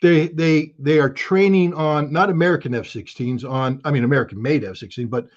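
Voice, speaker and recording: A man's voice: fairly high pitch, fairly quick. Blunt emphatic man, muffled audio. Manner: blunt, emphatic, bursts of alarm. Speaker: guest analyst. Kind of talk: interview commentary.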